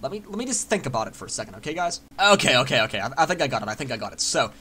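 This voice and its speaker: Chatty young man with a lively voice. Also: mid-range voice, racing, a little hiss or hum. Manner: chatty, excitable, swears casually, talks to himself. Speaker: Minecraft let's player. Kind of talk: casual gameplay commentary.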